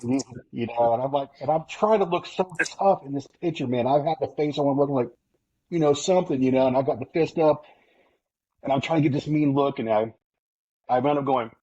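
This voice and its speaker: An excitable man tells a podcast story with heavy swearing, acting out his own lines as he goes. The sound is muffled and dry, with no room echo. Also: mid-range voice, brisk, slightly rough. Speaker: podcast co-host. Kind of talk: casual storytelling chat.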